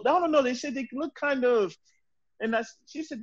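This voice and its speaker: A man guest on a podcast telling family stories in a casual, animated way, often repeating words as he builds up a story. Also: high-pitched, moderate pace, dull audio. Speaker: podcast guest, football player.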